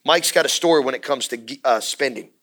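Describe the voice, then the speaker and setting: A man's voice: mid-range voice, brisk, a bit bright. A man preaching on money to a class, emphatic and cheering the other speaker on. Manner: emphatic, calls out encouragement.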